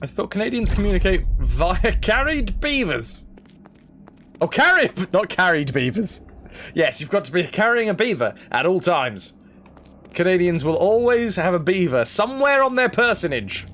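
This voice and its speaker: Animated man chatting while gaming. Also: sits high, moderate pace, a little hiss or hum. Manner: animated, chatty storytelling to viewers. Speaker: streamer. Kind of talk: casual chat while playing a game.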